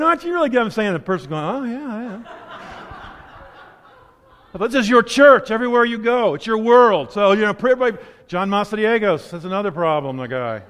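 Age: unknown. Role: preacher. Style: conversational sermon with stories and asides. Pitch: high for a man. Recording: long hall reverb in a church sanctuary. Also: fairly bright tone.

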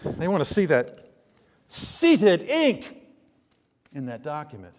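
A man preaching a sermon, telling homely stories with emphatic, drawn-out phrases. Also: sits high, wildly swooping pitch. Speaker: pastor. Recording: long reverb of a large hall.

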